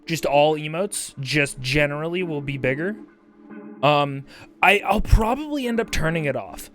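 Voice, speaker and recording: A male streamer chatting casually on a livestream while high, rambling and swearing casually as he reads chat aloud. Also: lively intonation, normal speed, fairly bright tone.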